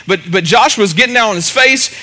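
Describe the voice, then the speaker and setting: A middle-aged man preaching a relaxed, conversational sermon, forever dropping in "you know." His voice sits high and comes across bright and forceful. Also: a little fast. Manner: chatty, lots of "you know" fillers. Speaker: pastor. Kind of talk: casual sermon.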